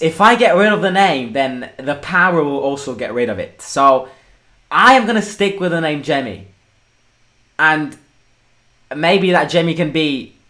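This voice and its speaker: A young man hosting a live football watchalong, excitable, breaking into shouts and swearing. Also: a little high. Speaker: fan channel host.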